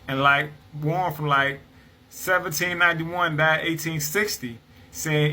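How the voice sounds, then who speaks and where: This man's voice is a little high, pushed and bright, with a steady tone and an unhurried delivery, captured on a rough recording. He reads from an old book and talks the passages through conversationally, frequently asking "right?"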